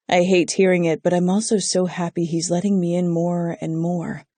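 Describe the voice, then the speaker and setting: An audiobook narrator giving an intimate, measured first-person romance reading on a close studio mic. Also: medium pitch, little pitch movement, warm tone, no echo.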